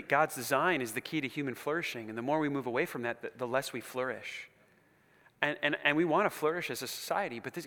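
A man preaching a sermon with passion, dropping to hushed near-whispers and building to loud repeated lines, with casual asides. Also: a little high. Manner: conversational asides and repetition. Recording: long reverb of a large hall.

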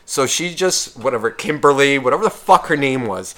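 A brisk, medium-pitched male voice belongs to a podcast co-host telling a bar story in casual conversation. He swears constantly and stays animated, acting out what other people said in shifting voices.

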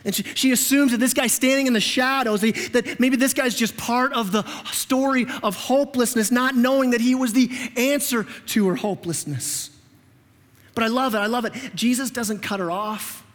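High-voiced pastor preaching in a reverberant church. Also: male voice, normal speed. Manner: animated, conversational, repeats words as he restarts. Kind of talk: sermon. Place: church sanctuary.

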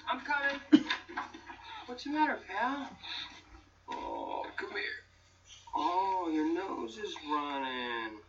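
Frazzled young sitcom dad, voice jumping all over, sounds far off and muffled with noise behind. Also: male voice, high-pitched, huge pitch swings, slow pace, vocal fry, pauses often, exaggerated voice. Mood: soothing. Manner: flustered, pleading, then gently soothing. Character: young flustered father, harried but loving. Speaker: sitcom character. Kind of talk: 1990s sitcom acting. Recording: distant muffled clip with background noise.

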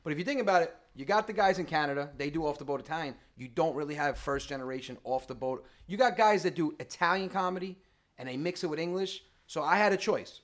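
A man, a comedian guest talking in a casual podcast chat, emphatic and animated. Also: on the high side, quick pace.

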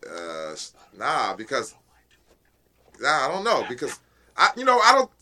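A man being interviewed as a rap guest, talking casually and with passion, full of street slang and repeated "you know what I'm saying", while high. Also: huge pitch swings, unhurried, sharp tone. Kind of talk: casual unfiltered interview talk.

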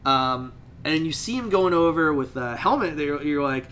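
A man casually recapping a comic book issue on a podcast, slipping into quick character voices as he retells scenes. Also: fairly high pitch, animated, a bit bright, slight background noise. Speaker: podcast host.

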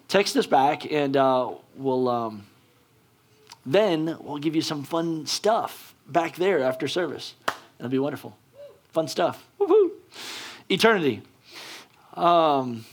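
Male pastor, sermon, casual and chatty, lots of fillers, slightly high voice. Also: a little slow, long pauses.

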